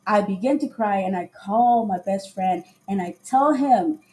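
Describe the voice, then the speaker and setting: A woman hosting a casual live podcast, telling a dating story in an animated way, often laughing and acting out what people said. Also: medium pitch, a little slow.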